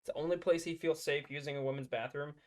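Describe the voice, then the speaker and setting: A man's voice: on the high side, fairly even intonation, fast, noisy background. A man hosting a political reaction commentary, talking in a mocking, sarcastic way and breaking into laughter.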